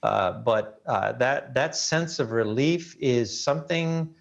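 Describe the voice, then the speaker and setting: A man with a rough, gravelly edge to his voice tells a personal ordeal as a TV interview guest. He speaks earnestly and lets his voice drop low at the darkest moments. The sound is dull and muffled, like a remote link. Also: slow pace. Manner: earnest storytelling, voice drops low at grim moments. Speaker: guest, reporter.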